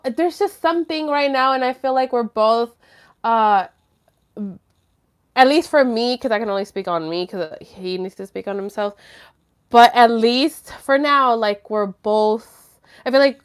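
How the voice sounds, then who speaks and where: A young woman hosting a live stream, chatting casually and candidly with viewers in slangy speech full of fillers and the odd curse. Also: fairly high pitch. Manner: laughs nervously when flustered. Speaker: livestream host answering viewer chat. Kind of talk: casual chat.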